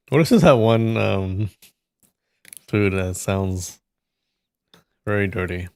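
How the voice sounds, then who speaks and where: Male stream host, unhurried amused musing, dry close sound, middle pitch. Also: lively intonation, gravelly, darkish tone, dry recording. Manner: musing, amused, trailing asides. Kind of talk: casual chat while tasting snacks.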